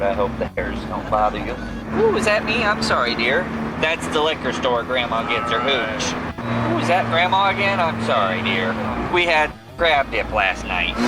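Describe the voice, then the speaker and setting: A man voicing a cranky old grandmother who rides along in a fast car, talking in a shrill, quavering, fussy way. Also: very noisy. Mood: chatty. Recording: loud music behind the voice.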